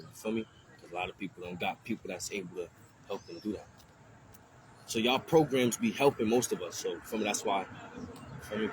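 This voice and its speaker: A young man answering street interview questions in a quick, plain-spoken way, outdoors. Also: lowish voice. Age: young adult. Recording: clear street noise outdoors.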